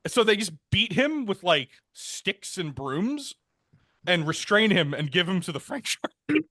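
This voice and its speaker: A man's voice: big pitch swings, a little slow, sharp tone, no echo. Laid-back man telling history, dry close sound. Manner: laid-back, rambling, frequent "um" and "like"; acts out quoted characters with jumps in pitch. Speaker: podcast co-host. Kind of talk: casual history storytelling.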